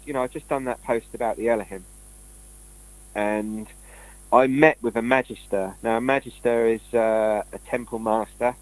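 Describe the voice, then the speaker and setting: Heard through a dry, low-quality recording, a medium-pitched man chats casually. He rambles from story to story, acting out what people said.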